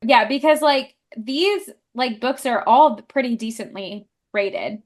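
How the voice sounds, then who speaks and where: A woman's voice: fairly high pitch, slow pace. A young woman co-hosting a casual book podcast, chatty and full of fillers. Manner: chatty, lots of fillers, laughs easily. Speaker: podcast co-host.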